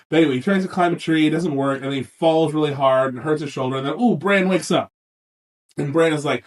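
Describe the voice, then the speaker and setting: Sick, animated podcast co-host man. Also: on the high side, far from the mic. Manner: animated, swearing, acts out characters in quick silly voices. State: sick for days. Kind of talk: casual recap chat.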